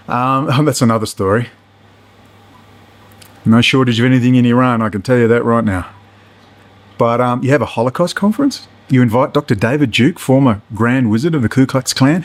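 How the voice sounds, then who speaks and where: A middle-aged man, delivering a profane, heated, sarcastic political rant. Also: mid-range voice. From Australia. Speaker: political commentator. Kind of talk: ranting monologue.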